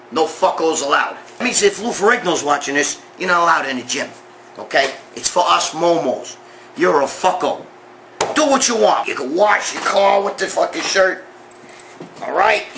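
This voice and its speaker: A man hosting his own show, delivering a profane comic rant straight to camera with loud, shouted bursts and constant swearing. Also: high-pitched, normal speed, a little hiss or hum. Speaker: host.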